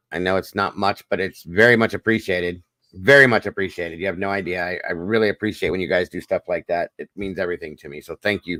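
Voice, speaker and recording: Wired on coffee, a man hosts a casual livestream, greeting viewers by name and chatting with them as he reads their comments. His voice sits low with a fairly bright tone, and the recording is dry.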